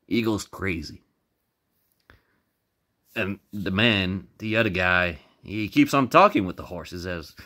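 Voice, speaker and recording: A man's voice: deep voice, measured pace, pauses often, bright, forceful tone. A man telling a comic story casually, rambling, swearing and repeating words.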